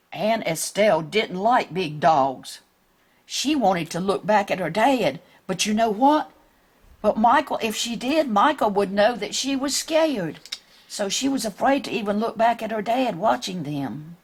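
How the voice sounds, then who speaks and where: With a mid-range, slightly breathy voice, a woman reads a picture book aloud to children, gently asking them questions as she goes.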